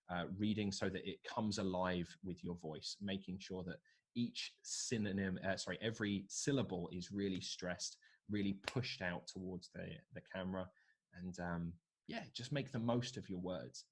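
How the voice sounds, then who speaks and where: A low-pitched man leads an online workshop on presentation skills, coaching participants and reading their ideas aloud. His voice has a husky edge. He is speaking into a computer mic on a video call. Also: fairly even intonation, moderate pace. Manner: coaching, reads out participant answers.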